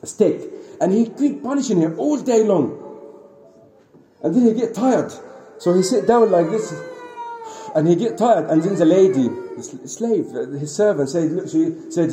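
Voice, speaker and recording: Mellow-voiced man telling a religious story. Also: high-pitched, normal speed. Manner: animated retelling, frequent restarts, sprinkled Arabic phrases. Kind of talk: informal religious lesson, storytelling. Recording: roomy echo, faint ambient noise.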